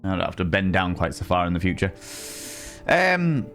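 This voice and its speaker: A man's voice: sits low, monotone, very fast, a bit bright, faint music behind. Chatty, playful man streaming. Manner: chatty and playful, teasing greetings to chat. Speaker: game streamer. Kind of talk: casual live-stream chat.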